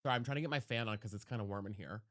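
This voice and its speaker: Racing in a lowish, slightly bright voice, this young live streamer plays a game from his room at home, with clean studio sound and no room echo. He chats casually, calls out viewers by name and swears without restraint.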